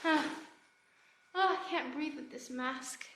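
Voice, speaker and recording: A woman's voice: high-pitched, slow, pushed and bright, a little hiss or hum. A woman livestreaming in casual chat, talking to her viewers and often dropping into whispers. She speaks into a phone held close to her face, first indoors and then out on city streets. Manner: chatty, talks to viewers, drops to whispers.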